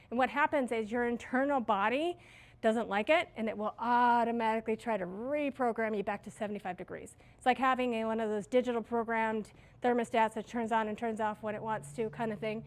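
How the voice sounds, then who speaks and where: Speaking a little quickly in a somewhat high voice, this woman manages a restaurant and is in her middle years. She chats casually with her team about leadership, weaving in self-deprecating anecdotes.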